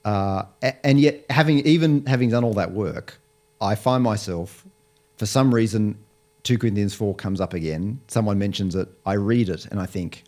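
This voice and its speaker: Thoughtful low-voiced male guest. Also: unhurried, dark tone. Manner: thoughtful, explanatory, hesitant restarts. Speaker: Bible college lecturer, guest. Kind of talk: conversational interview.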